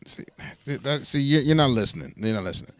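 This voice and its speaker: A man on a podcast in loose, casual banter. He stumbles and repeats himself as he pushes a deadpan, mock-serious bit. His voice sits at an average pitch and sounds dry and close to the mic. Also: fast, no room sound. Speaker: podcast co-host.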